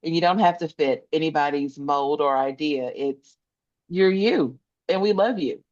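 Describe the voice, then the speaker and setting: A woman's voice: low-pitched, normal speed, a little mellow, highs cut off. A woman guest in a podcast interview, talking earnestly and emphatically, repeating phrases to stress her point. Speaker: podcast guest, social worker. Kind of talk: conversational interview.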